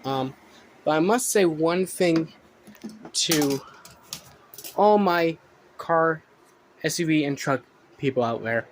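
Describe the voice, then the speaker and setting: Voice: medium pitch, slow pace, long pauses, slight background noise. A vlogger ranting indignantly at viewers in a profane reaction commentary.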